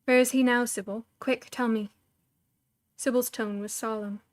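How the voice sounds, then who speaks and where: A woman's voice: fairly high pitch, steady tone, normal speed, dry recording. A woman reading a novel aloud as a storyteller, expressively acting out each character's lines.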